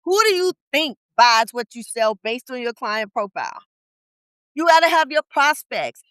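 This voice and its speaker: A woman's voice: sits high, very animated, normal speed, a bit bright, clear, resonant tone, dry recording, low-quality recording. A woman business coach talking in a podcast interview, blunt and colloquial, firing off rhetorical questions with emphasis. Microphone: podcast studio mic.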